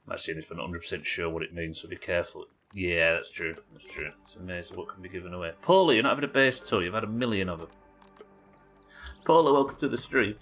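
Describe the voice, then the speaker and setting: A man's voice: sits low, quick pace, fairly bright tone, faint music behind. A man with a New Zealand accent streaming a video game live, thinking aloud, swearing casually and answering chat. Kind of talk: live gameplay commentary.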